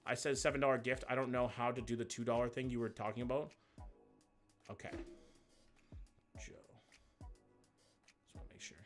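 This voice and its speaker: A man's voice: mid-range voice, fairly even intonation, normal speed, pauses often, faint music behind. A young man hosting a live reaction stream, chatting loosely with viewers, swearing and joking as he reacts to what he sees. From Canada. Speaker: livestream host.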